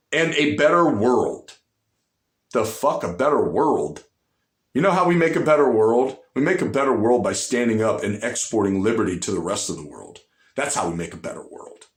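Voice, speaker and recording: Profane, fired-up male commentator, roomy sound. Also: mid-range voice. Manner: blunt, profane and emphatic, repeats for punch. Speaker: political commentary host. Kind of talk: ranting political commentary.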